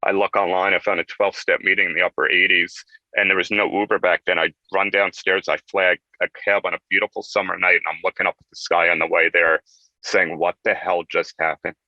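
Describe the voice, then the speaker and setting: A middle-aged man speaks as an interview guest, very low in pitch yet strikingly bright and forceful in tone. He recounts his own story in an earnest, emotional and vivid way. The recording is dull and lo-fi, with a dry sound. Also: little pitch movement, fairly quick, no room sound. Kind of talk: candid personal storytelling in a talk-show interview.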